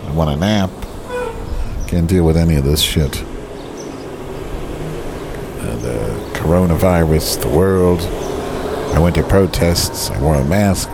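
A man ranting in a casual vlog from a park bench, profane, grumbling and self-pitying. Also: a bass voice. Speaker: vlogger. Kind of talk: rambling outdoor vlog rant. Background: birds and passing traffic.

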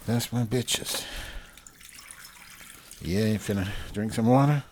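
Out in the wind, a vlogger talks slowly into a handheld recorder to try out its new windscreen, rambling, joking crudely, and repeating silly phrases. His voice is on the low side with a darkish tone, and a little hiss or hum sits in the recording.

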